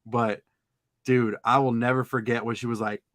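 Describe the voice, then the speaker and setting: A man telling a story in casual chat, animated, acting out other people's lines in sudden high-pitched outbursts. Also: moderate pace, no echo. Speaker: podcast co-host.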